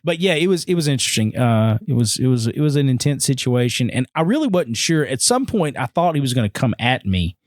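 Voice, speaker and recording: A man tells a story in a casual podcast chat and acts out each person he quotes. His pitch swings widely as he talks. The close mic sounds dry, with no room around it. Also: brisk, hardly any pauses, dry recording. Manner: animated, acts out quoted voices with big pitch jumps. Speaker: podcast guest.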